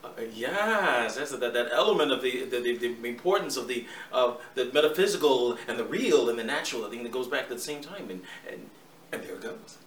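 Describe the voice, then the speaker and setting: Man doing celebrity-actor impression, halting, rambling, roomy, distant. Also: medium pitch, animated, fairly bright tone, close to an everyday voice. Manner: rambling, halting, drifting off mid-thought. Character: impression of a famous older actor at an audition. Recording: roomy, distant, faint ambient hiss.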